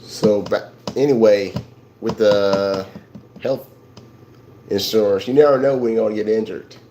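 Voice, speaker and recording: A man's voice: lowish voice, unhurried, muffled recording, noisy background. A man hosting a casual livestream, talking about insurance in a rambling way, repeating himself and restarting his sentences. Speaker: livestream host. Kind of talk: casual livestream talk to viewers.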